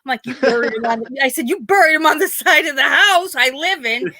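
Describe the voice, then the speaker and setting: A high-pitched, bright woman chats casually on a podcast, telling stories in an animated way with frequent laughter and the odd swear word. Her voice is recorded close and dry, with no room echo. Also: a little fast. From Pennsylvania. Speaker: podcast host. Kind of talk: casual chat, storytelling.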